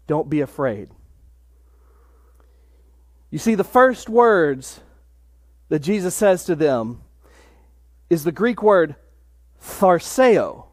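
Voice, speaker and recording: A man preaching a sermon in a measured way, dropping to a hush for emphasis. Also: sits high, very animated, dry recording, studio quality. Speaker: pastor.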